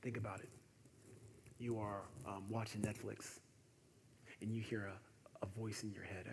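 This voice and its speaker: A man preaching a sermon, animated and conversational, often dropping to softer tones for emphasis. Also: on the low side, moderate pace, pauses often. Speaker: pastor. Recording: echoey hall with faint noise.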